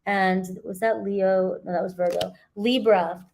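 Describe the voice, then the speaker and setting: A woman's voice: medium pitch, steady tone, measured pace, creaky, darkish tone, a little hiss or hum. A woman giving a casual tarot reading outdoors at the beach, chatty and checking in with her viewers. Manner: chatty, frequent "all right?" and "okay?" check-ins. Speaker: tarot reader.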